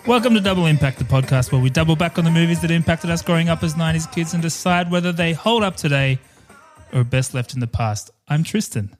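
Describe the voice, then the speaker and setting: A man in his thirties hosting a film podcast with a fairly high voice. His pitch bounces around a lot as he riffs and giggles through casual banter with his co-host. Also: animated, quick pace, soft background music. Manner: playful, giggly, riffing on jokes. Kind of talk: casual chat.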